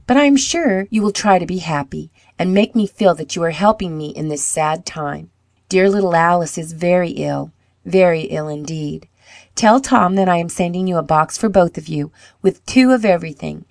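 A woman reading a letter from a tender, worried mother in a storybook, measured and gentle. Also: fairly low pitch, gravelly, dry recording, clean studio sound.

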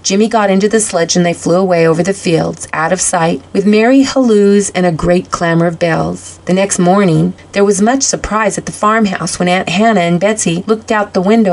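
A woman reads a classic children's story aloud at a steady pace. Her voice sits in a middle register, and her reading is clear and expressive. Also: mid-range voice, moderate pace, hardly any pauses. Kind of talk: read-aloud storybook narration.

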